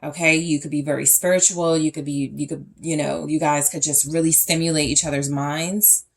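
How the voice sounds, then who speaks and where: A woman's voice: low-pitched, level tone, moderate pace. A young woman giving a casual pick-a-card tarot reading straight to her audience, thinking aloud with fillers and restarts as she turns over each card. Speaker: tarot reader.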